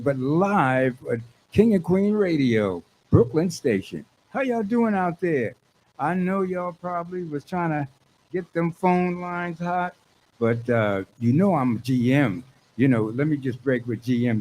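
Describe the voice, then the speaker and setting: A man hosting a radio show in a studio, excitable and fond of repeating his lines for emphasis. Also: fairly high pitch, poor audio. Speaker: radio host.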